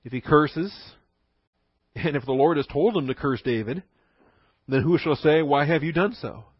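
A man's voice: fairly high pitch, moderate pace, slightly rough, no room sound, highs cut off. Seorang pendeta pria menyampaikan khotbah pendalaman Alkitab dengan gaya santai dan bercakap, sering menyelipkan candaan dan tawa kecil. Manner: conversational, joking asides with chuckles. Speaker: pastor. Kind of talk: sermon.

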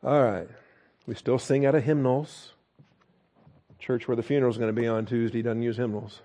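Wry, animated male pastor preaching. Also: mid-range voice, moderate pace. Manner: wry, animated, self-mocking asides. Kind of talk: sermon. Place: church pulpit.

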